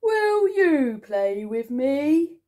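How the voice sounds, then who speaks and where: A woman's voice: high-pitched, sing-song, very slow, mellow, full character voice. A woman voicing a friendly, lonely young male shark in a children's storybook reading, with an eager, pleading manner.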